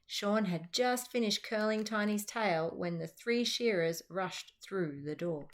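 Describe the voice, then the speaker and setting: Slow-reading Australian woman, storytime. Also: mid-range voice. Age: middle-aged. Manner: lively, chatty asides to young listeners. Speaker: teacher reading picture books aloud. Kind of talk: children's storytime read-aloud.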